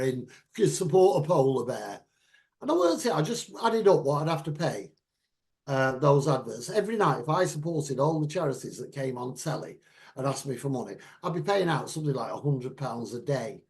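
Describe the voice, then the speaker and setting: A man talking in rambling, opinionated casual chat, sometimes acting out other people's voices. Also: on the high side. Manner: rambling, animated, acts out voices.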